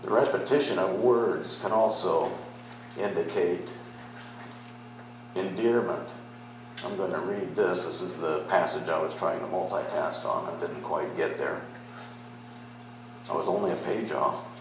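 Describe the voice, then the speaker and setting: A middle-aged male pastor preaching slowly, his fairly low voice carried through a very echoey sanctuary. He moves from easy, conversational teaching to strong, emphatic declarations. A faint hum sits under the room. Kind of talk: sermon.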